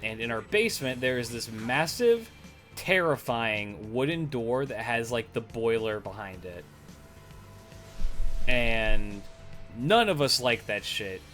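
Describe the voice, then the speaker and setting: A man's voice: mid-range voice, lively intonation, takes it slowly, a bit bright, soft background music. Rambling young man telling stories. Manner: rambling, profane, uses many fillers. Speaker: streamer. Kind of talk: casual chat and storytelling.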